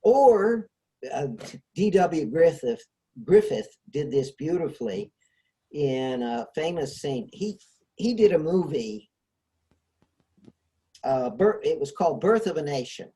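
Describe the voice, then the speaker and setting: Animated man explaining ideas, hesitant. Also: on the high side, slow, pauses often. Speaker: host. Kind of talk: casual discussion.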